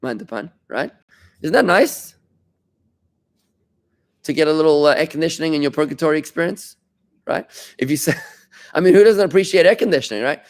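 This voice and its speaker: A middle-aged man leads a Talmud class as a rabbi, his voice pitched a little high for a man. He explains patiently, repeats key phrases and breaks off for friendly asides to his students. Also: animated, a little fast, pauses often. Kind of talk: informal Talmud lesson.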